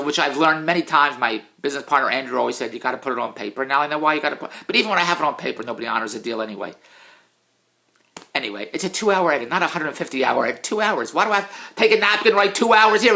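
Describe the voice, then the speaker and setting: Exasperated man ranting, bright lively voice. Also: fairly high pitch. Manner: exasperated, self-mocking, swings from mutters to loud outbursts. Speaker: vlogger, TV producer. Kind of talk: casual ranting monologue.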